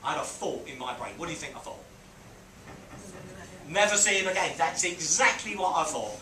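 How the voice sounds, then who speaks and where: Man telling an animated business story. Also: on the high side, fast talker. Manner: animated, acts out quotes and beeping sounds. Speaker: business mentor. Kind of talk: storytelling to a small group. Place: on a boat. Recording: roomy, distant mic with background noise.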